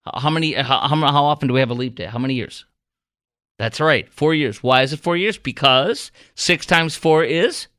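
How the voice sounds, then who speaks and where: A man hosting a talk radio show, chatting in a rambling, animated way and quizzing his producer. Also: on the high side, normal speed, no room sound, clean studio sound. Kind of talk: casual talk radio monologue. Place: radio studio.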